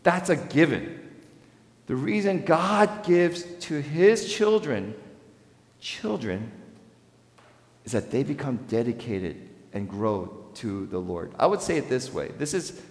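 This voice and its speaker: A male pastor preaching a sermon, swinging between loud, rising emphasis and quiet, low asides. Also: very animated, slow pace. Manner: dynamic preaching with sharp swings in pitch and volume. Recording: echoey hall with long reverb.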